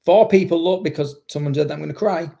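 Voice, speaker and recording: A man's voice: on the high side, quick pace, gravelly, warm tone. A man, a dog trainer, chatting casually on a livestream and reading out viewer comments, blunt and swearing constantly as he rambles.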